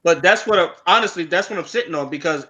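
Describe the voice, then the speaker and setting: A man co-hosting a podcast in casual chat, talking fast with hesitant ums. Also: sits high, pushed and bright, dull audio. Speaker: podcast co-host.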